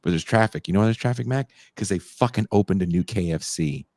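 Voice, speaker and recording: A man co-hosting a casual podcast, talking in an animated, profane way and often breaking into laughs and shouts. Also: low voice, fast talker, no room sound, clean studio sound. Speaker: podcast co-host. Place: home in Mexico.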